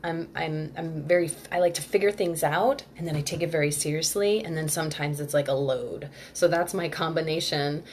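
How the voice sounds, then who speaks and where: Low-voiced woman hosting a chatty workshop. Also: brisk, few pauses, darkish tone, slight background noise. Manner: chatty, reads viewer comments aloud and answers them; loose and rambling, full of "like" and restarts. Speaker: Ayurveda workshop host. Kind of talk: live-streamed workshop talk.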